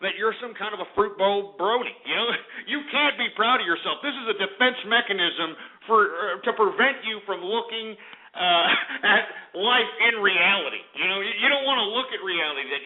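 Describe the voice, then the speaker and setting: A man hosting a call-in radio show, ranting and berating his callers. His voice sits high and he swings from shouting to muttering. The sound is thin and phone-like, like cheap internet radio. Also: lively intonation, moderate pace. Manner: loud, insulting, ranting. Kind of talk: abrasive call-in radio talk.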